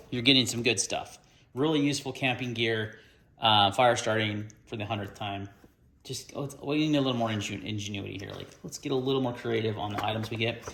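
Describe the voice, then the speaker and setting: A man's voice: medium pitch, fairly quick, a bit bright, a little hiss or hum. A man hosting an unboxing video, talking casually and ranting in frustration about the gear.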